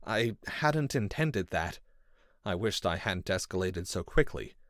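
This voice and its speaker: A man reading a first-person story in measured, intense scripted narration. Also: dry recording, clean studio sound. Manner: measured and intense, with lively pitch. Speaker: audiobook narrator.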